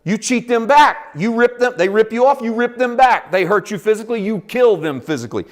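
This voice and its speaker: A man preaching a sermon as pastor, dropping to hushed asides, rising to loud emphatic points, and acting out quoted voices. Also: sits high, lively intonation, brisk. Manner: acts out quoted voices in dialogue.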